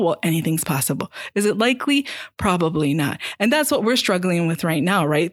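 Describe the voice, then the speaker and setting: Woman counselor talking through anxiety calmly. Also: on the low side, no echo, clean studio sound. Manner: steady, conversational, checks in with "right?". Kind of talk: casual explanatory talk.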